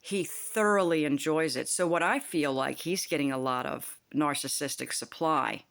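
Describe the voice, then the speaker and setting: A woman's voice: deep voice, moderate pace, gravelly. An older woman ranting to camera in a heated, profane, rambling vlog monologue. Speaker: vlogger.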